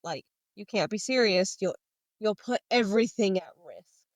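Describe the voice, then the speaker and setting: A woman chats casually as a podcast co-host, retelling scenes and reading quotes aloud. Her voice sits at a middle pitch. The sound is dry and close, with no room echo. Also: expressive, normal speed. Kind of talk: casual book discussion.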